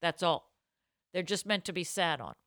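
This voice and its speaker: A woman hosting a live podcast in easy casual chat. Her voice is bright and forward, and she laughs as she reads out comments. The sound is dry and close. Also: fairly low pitch, animated, moderate pace, no echo. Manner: giggly, reads listener comments aloud. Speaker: podcast co-host. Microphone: podcast mic.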